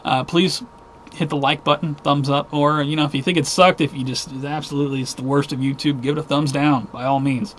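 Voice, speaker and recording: A man's voice: on the high side, fairly even intonation, fairly quick, a little hiss or hum. Rambling, worked-up man hosting a news video. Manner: rambling, restarts, easily worked up. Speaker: host of a weekly news video. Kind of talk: casual news commentary with rants.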